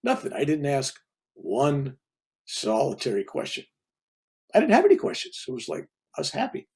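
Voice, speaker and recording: A man's voice: medium pitch, wildly swooping pitch, moderate pace, gravelly, darkish tone, breathy edge. An older man, a reverend, telling a spiritual story in a casual, rambling way. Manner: rambling, casual, with restarts and asides. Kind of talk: conversational storytelling.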